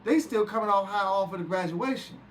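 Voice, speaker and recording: Man telling a lively story. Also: high-pitched, brisk. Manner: lively, acts out quotes, swears freely. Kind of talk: animated storytelling. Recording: distant mic with background hiss.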